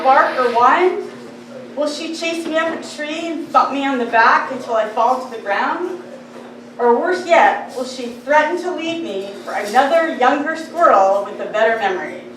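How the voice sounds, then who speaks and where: Fretful forgetful squirrel read by a woman poet, slow, echoey café. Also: high-pitched, pitched above the performer's own voice. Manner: worried, wondering. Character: forgetful male squirrel, anxious, self-scolding. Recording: very echoey, distant, noisy room.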